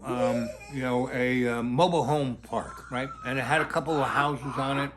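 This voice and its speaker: A man's voice: medium pitch, steady tone, normal speed, a crowd in the background. A middle-aged man telling a long story in a rambling way, full of fillers and restarts.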